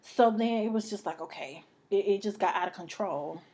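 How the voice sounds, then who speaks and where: A young woman telling a personal story to camera, halting and emotional, repeating herself and sometimes dropping to a near whisper. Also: mid-range voice, warm tone. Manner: repeats phrases, many restarts.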